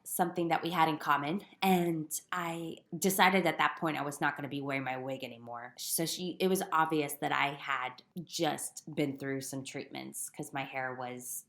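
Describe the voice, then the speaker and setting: A woman telling her own story on a podcast in a reflective, earnest way that brightens with laughter when she gets excited. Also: low-pitched, normal speed, few pauses. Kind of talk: personal storytelling in casual chat.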